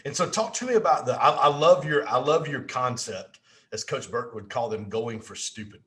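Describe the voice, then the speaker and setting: A man hosting a podcast, asking halting questions and restarting them often. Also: medium pitch, sharp tone. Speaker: podcast host. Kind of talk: interview questions.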